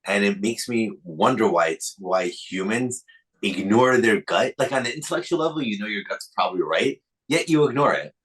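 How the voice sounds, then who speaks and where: A man hosting a relaxed conversation, thinking out loud in a reflective, musing way. His voice sits a little low. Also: moderate pace, husky, poor audio. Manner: reflective, muses aloud. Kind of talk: casual chat.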